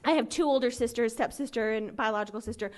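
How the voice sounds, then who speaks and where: A woman from Los Angeles in her thirties, telling her personal recovery story to a meeting in an earnest, conversational way, with many fillers and quick voicings of the people in her story. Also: fairly high pitch, a little mellow. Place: meeting room.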